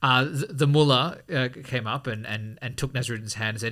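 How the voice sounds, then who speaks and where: A man co-hosting a casual podcast, chatting and telling a joke with lively acted-out voices. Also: mid-range voice, a little fast. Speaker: podcast co-host. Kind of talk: casual conversation.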